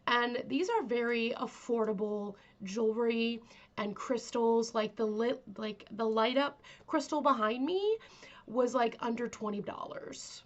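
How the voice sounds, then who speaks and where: Stuffy-nosed woman chatting softly to camera. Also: fairly high pitch, unhurried, dull audio. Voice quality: aims to sound calming and kind. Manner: chatty, soft, filler-heavy. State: stuffy nose from a cold. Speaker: vlog host. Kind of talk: casual chat to camera.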